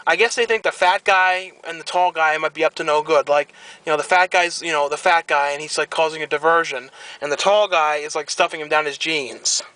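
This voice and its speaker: A young man vlogging, chatting casually and ranting with animated, rambling complaints. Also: fairly high pitch, fairly quick, no room sound, poor audio. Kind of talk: casual chat.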